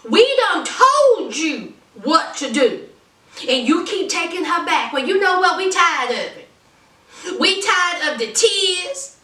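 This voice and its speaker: A fed-up middle-aged mother scolds her grown son in a bright, high, exasperated voice, as a woman puts her on. She sounds roomy and a little distant. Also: very animated, takes it slowly, exaggerated voice.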